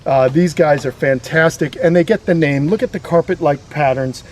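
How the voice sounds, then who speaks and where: A man's voice: on the high side, moderate pace, a little mellow. Eager man talking up snakes outdoors. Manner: enthusiastic, chatty explaining. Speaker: reptile sanctuary host. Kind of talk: casual educational vlog. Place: outdoors on a grassy lawn.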